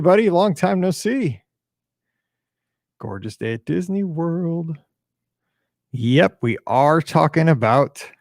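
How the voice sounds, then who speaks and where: A tired man chats his way through the warm-up of a live podcast, greeting viewers by name and humming under his breath. His voice has a gravelly edge, and the close mic sound is dry with no room around it. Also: medium pitch, no room sound. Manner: chatty, upbeat, hums and mutters to himself. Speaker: podcast host. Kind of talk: casual pre-show chat greeting live viewers.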